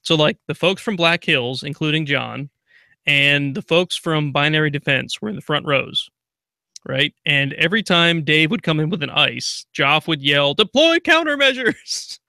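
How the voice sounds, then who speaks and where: A male podcast co-host chatting casually, rambling through stories and laughing along the way. His voice sits a bit high, with a gravelly edge and a bright, forceful tone. The recording is dry and close. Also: moderate pace, no echo. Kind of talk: casual chat.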